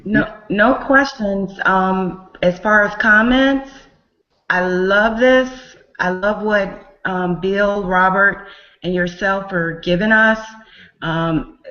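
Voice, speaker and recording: A woman joining a coaching call as a participant, speaking gratefully and hesitantly with many pauses. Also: mid-range voice, pushed and bright, soft background music. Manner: slow, grateful, hesitant with fillers. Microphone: video call. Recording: muffled video call audio.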